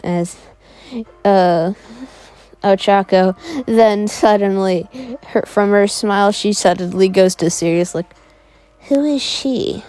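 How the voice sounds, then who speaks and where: A woman's voice: medium pitch, steady tone, slow pace, long pauses, dark tone, clean tone. A woman casually telling a fan story, rambling along with many fillers. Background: faint background music.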